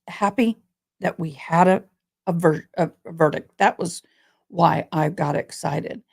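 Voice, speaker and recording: A woman's voice: lowish voice, gravelly, mellow, slightly rough. A woman vlogger talking casually to her viewers about a trial, in a rambling, conversational way. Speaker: true crime vlogger.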